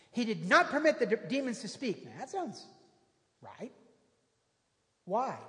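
A pastor preaching a sermon in a conversational, emphatic way, with quick asides and rhetorical questions, and reading scripture aloud to a congregation. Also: mid-range voice, sing-song, fairly bright tone. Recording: long hall reverb.

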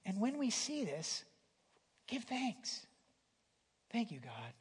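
High-voiced husky male preacher, reverberant hall. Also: wildly swooping pitch, takes it slowly. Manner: conversational, with restarts and swings from loud emphasis to near whisper. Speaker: pastor. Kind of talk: sermon.

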